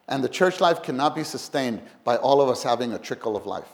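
A man preaching a sermon, animated, swinging from loud to hushed and acting out little quotes. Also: mid-range voice, fast talker, vocal fry, few pauses.

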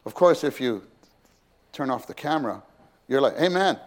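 A man's voice: medium pitch, moderate pace. A man preaching a sermon in a conversational way, asking his listeners questions and acting out quoted voices.

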